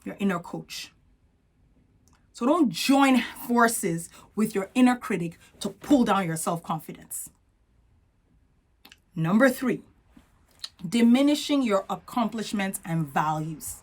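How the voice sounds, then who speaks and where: A woman's voice: mid-range voice, expressive, takes it slowly, pauses often. A woman with a non-native accent giving a motivational talk as a confidence coach, earnest and coaching, often checking in with the listener.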